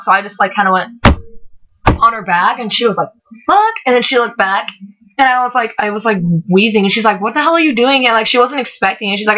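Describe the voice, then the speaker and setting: A woman's voice: mid-range voice, bright, forceful tone. A teenage girl telling a concert story in casual vlog chat, rambling and swearing with lots of "like". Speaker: vlogger. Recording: dull lo-fi webcam audio.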